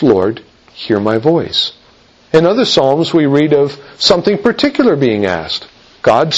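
Earnest male preacher, lively pitch. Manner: earnest, measured expository preaching with slowed emphatic quotes. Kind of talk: sermon. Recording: dull lo-fi recording.

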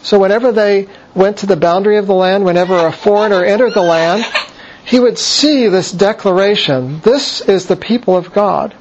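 A man teaching verse by verse through a book of scripture, measured and explanatory, pausing on "uh" and restarting phrases. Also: high-pitched, highs cut off, a little hiss or hum. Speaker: Bible teacher.

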